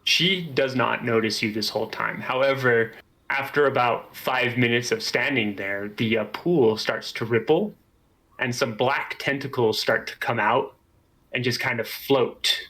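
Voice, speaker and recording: A man serves as game master and narrates a tabletop game in an easygoing way. His voice is bright, and he stops now and then with fillers. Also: mid-range voice, unhurried, rough recording.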